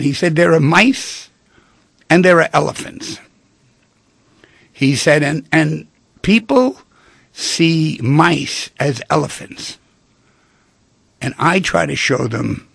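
A male radio host with a heavily gravelly, husky voice speaks from a dry studio mic. His pitch rises and falls in a lively, animated way as he tells stories and acts out the people in them. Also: unhurried, no echo. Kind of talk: radio talk monologue.

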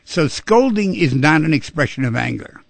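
Gravelly direct radio advice host. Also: male voice, on the high side, sing-song, moderate pace, no room sound. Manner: direct, coaching, repeats for emphasis. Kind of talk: call-in advice radio talk.

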